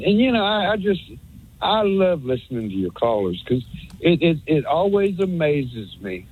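A caller to a sports talk show, with a husky voice on the high side, comes through in phone-quality sound. His call-in rant rambles in a folksy, sarcastic way, and he stumbles over repeated words.

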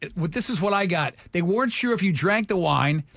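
A man's voice: high voice, animated, creaky, a bit bright, dry recording, studio quality. A male radio host interviewing a guest in a playful, joking way. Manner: playful, joking, quick restarts. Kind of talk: casual interview chat.

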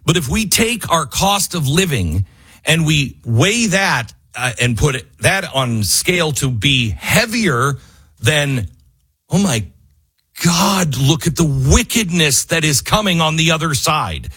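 A man hosting a radio talk show, delivering an impassioned political monologue that climbs to near-yelling in frustration. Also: fairly high pitch, sing-song, slow, breathy edge. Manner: rising to near-yelling, fiery and exasperated. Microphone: studio microphone.

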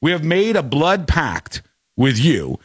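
A man hosting a talk show, telling stories in a rambling, animated way with quick asides. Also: fairly high pitch, husky, no echo, studio quality. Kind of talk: casual talk show chat.

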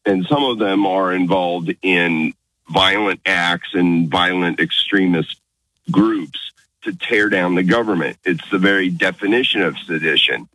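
A male caller from California with a very deep voice and a bright, forceful edge. He is earnest and measured, heard dry over a call-in line. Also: no room sound, poor audio.

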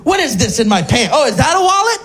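A man voicing a confused, rambling elderly woman who shouts questions in a flustered, wandering way. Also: very high-pitched, big pitch swings, fast talker, full character voice. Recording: live stand-up with crowd laughter.

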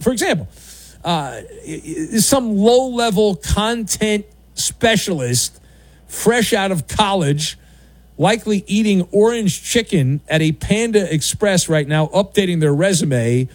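Sarcastic, animated sports radio host. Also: male voice, on the high side, dry recording. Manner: sarcastic, mocking, theatrical voices. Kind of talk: opinionated sports talk monologue.

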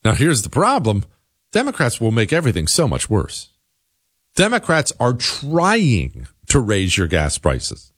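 A male radio talk show host reading listener email aloud, with wry, sarcastic asides and lively commentary. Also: mid-range voice, unhurried, slightly rough, no room sound, studio quality.

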